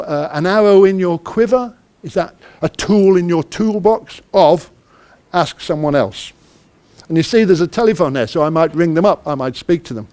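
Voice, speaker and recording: High-voiced man running an interactive workshop. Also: darkish tone. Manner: quizzes the audience and acts out little dialogues. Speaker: conference speaker, project manager.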